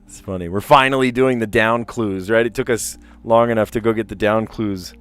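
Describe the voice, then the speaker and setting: A man's voice: lowish voice, fairly even intonation, moderate pace, a bit bright, smooth, faint music behind. A man hosting a casual livestream, reading puzzle clues aloud and drifting into chatty, amused asides. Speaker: livestream host solving word puzzles.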